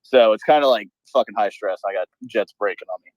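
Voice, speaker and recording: A man's voice: fairly low pitch, dry recording, dull audio. A man working as an aircraft maintenance supervisor, chatting casually and profanely on a group call from his job on an air base. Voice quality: profane, rambling, says he talks fast.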